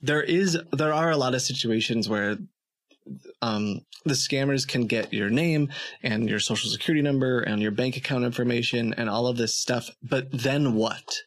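Measured man explaining on a podcast. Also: medium pitch. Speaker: podcast guest. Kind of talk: casual podcast chat.

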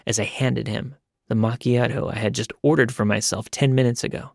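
A man reads a first-person story in a mid-pitched, plain voice. He keeps it brisk and matter-of-fact. The recording is close and dry. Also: fairly even intonation, vocal fry, dry recording. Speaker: narrator. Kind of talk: reading first-person stories.

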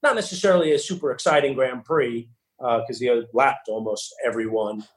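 A man answers interview questions at a mid pitch. He stops and restarts often and fills gaps with ums and uhs. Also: fairly quick, poor audio. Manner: hesitant, many fillers and restarts. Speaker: racing team boss, guest.

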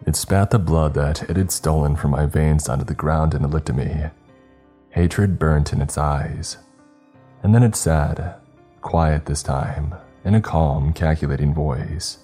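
A man narrating a horror story in a slow, grave, measured way. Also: extremely low pitch, warm tone, soft background music.

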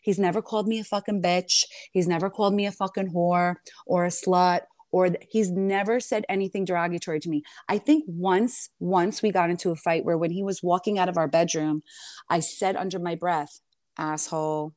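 A woman in her forties, a reality TV guest telling her side in an animated interview, emphatic and indignant with quick retorts. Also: fairly low pitch, dry recording, clean studio sound.

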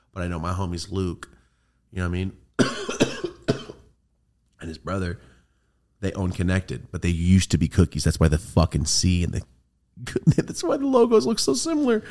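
A low-voiced man hosting a casual podcast, rambling through a story with plenty of swearing. He gets animated as the tale builds and keeps it loose and conversational. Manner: rambling, profane, animated when telling a story. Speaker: podcast host.

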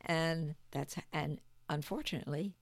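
An older woman, a grandmother and podcast guest, talking gently and graciously in a home basement. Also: low voice, a little slow, creaky, no echo. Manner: gentle, gracious, often thanking. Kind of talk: casual conversation.

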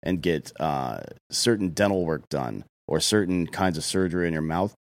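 Deep-voiced blunt man ranting. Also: moderate pace. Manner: blunt, heated, swears often. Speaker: podcast co-host. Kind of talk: casual profane opinion talk.

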